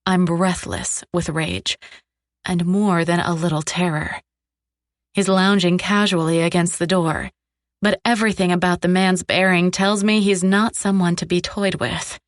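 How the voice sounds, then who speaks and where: A woman narrating a dark romance audiobook in the first person, low, tense and sardonic. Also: fairly even intonation, measured pace, no room sound, clean studio sound.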